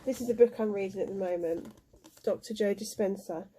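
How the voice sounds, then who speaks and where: Warm, mellow woman reading cards, tender and hesitant. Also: mid-range voice, a little hiss or hum. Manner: emotional, soft-spoken, halting with fillers. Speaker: tarot card reader. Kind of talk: spiritual card reading to camera.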